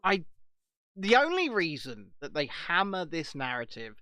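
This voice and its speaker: British male co-host, high-pitched, animated storyteller, dry close sound. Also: a little slow, clear, resonant tone, no echo. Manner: animated, laughs at own stories. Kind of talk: casual chat.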